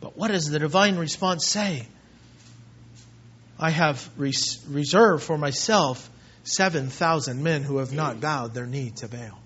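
Male preacher, high voice, emphatic then hushed, on a dull lo-fi recording. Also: unhurried, breathy edge. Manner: emphatic, swings between loud and hushed. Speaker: pastor. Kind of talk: expository sermon reading scripture. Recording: muffled, dull lo-fi sound.

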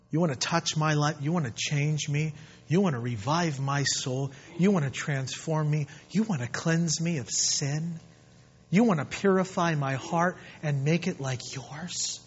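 A man preaching a sermon with passion, swinging between loud exhortation and hushed, prayerful speech. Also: sits high, breathy edge, muffled recording.

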